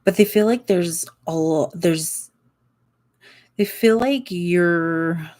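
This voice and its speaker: A young woman with a slightly low voice talks through a tarot reading in a casual, unscripted way. She circles back on her words, trails off and fills the gaps with frequent "like"s and soft laughs. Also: slow. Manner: rambling, searching for words, frequent likes and laughs. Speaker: tarot reader.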